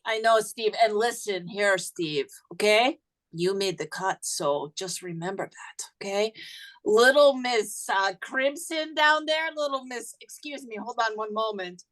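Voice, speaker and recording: Slow, haughty woman in comic persona. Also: medium pitch, fairly bright tone. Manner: haughty mock-foreign persona, slow and deliberate. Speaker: roller derby skater guest. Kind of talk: in-character persona banter.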